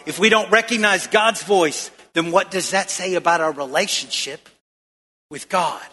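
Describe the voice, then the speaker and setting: Male pastor, bright ringing voice, call-and-response sermon, echoey church hall. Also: high voice, moderate pace, slightly rough. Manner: preaching with call-and-response questions to the congregation.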